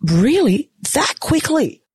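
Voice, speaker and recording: Speaking from a hospital room, a new mother vlogs after giving birth, worn out but talking frankly and exclaiming a lot. Her voice is high-pitched and slightly mellow, very animated yet slow. There's no echo.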